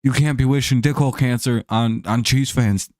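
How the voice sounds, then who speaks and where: A man's voice: mid-range voice, steady tone, moderate pace, darkish tone, no room sound, clean studio sound, natural voice. A man putting on an exasperated male team boss who scolds and fires his coach, swearing and pleading. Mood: scolding.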